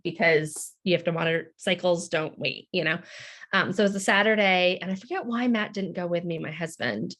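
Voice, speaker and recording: Guest, American woman, candid and chatty, slightly low voice. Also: gravelly, a bit bright. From United States. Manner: candid, lots of fillers. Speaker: podcast guest. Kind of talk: emotional personal storytelling.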